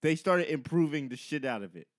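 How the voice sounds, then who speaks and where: A young man co-hosting a casual podcast, his pitch leaping up and down as he tells stories. His voice sits a little high for a man. He loudly acts out the people in his stories, heard dry and close to the mic. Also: a little fast, no room sound. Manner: animated storytelling, acts out classmates' taunts loudly. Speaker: podcast co-host. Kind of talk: casual comedic chat.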